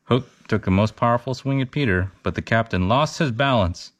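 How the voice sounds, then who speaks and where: A man's voice: mid-range voice, normal speed. A man reading a children's storybook aloud to children, now and then stumbling over a word.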